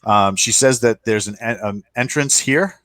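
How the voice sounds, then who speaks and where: Acting as game master, a man narrates a tabletop game loosely and chattily, filling it with fillers and frequent "right?" check-ins. He speaks at normal speed in a mid-range voice with a fairly bright tone, and there's no echo.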